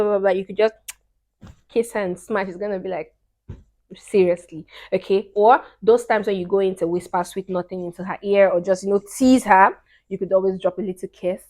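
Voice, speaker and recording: A young woman talks to her camera, handing out dating tips in an easy, casual way. Her voice sits at a middle pitch. She leans hard on her main points, saying them again and again, and often drops low before coming back loud. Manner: emphatic, repeats key points, swings between hushed and loud. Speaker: dating advice vlogger. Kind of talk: casual advice talk to camera.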